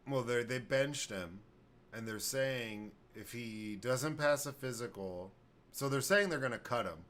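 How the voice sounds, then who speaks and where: A man's voice: mid-range voice, unhurried, fairly bright tone, a little hiss or hum. A man hosting a podcast, giving blunt, profane, rambling football takes in casual sports talk. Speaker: podcast host.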